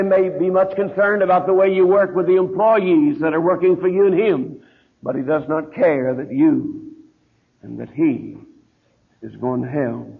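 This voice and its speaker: A man preaching in a church, his slightly raised voice gravelly. He slows and sinks to a hush on his key words. It comes through a thin, tinny old tape. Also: a little high. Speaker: pastor. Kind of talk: sermon.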